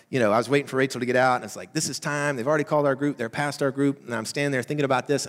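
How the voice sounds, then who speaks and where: A male pastor with a Southern accent preaching in a casual, talky way. He pushes some lines out loud and drops others to a hush. The sound has a long reverb tail from a large hall. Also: mid-range voice. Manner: conversational preaching, swings from loud emphatic to soft hushed. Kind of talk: sermon.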